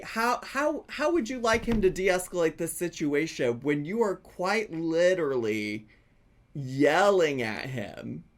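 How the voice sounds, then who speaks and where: A man's voice: sits high, a bit bright. A man hosting a reaction video, giving sarcastic commentary and laughing often between his remarks.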